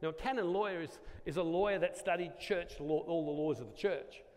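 Animated Australian man telling a story. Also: a little high, brisk. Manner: animated, acts out dialogue, self-deprecating asides. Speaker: Catholic speaker at a church gathering. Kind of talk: storytelling talk to a live audience. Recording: long reverb of a large hall.

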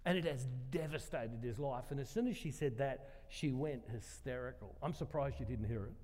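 A man preaching earnestly, his voice sitting somewhat high for a man. He tells a personal story in a sermon and leans on repeated phrases to drive his point home. The sound rings out with the long reverb of a large church. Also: darkish tone.

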